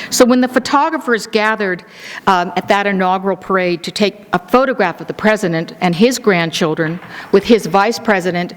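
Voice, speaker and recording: Older woman telling stories in a reverberant hall. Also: lowish voice. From United States. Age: 60s. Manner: warm storytelling, sentimental, gently humorous. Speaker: speaker presenting a book. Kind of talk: public talk with anecdotes. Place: event hall. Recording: live talk in a reverberant hall.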